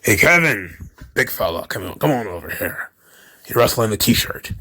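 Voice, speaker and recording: A man putting on a low, half-whispered drawl as a scheming older wrestling boss. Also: very animated, moderate pace, pushed and bright, full character voice. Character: gravelly old male wrestling boss, scheming.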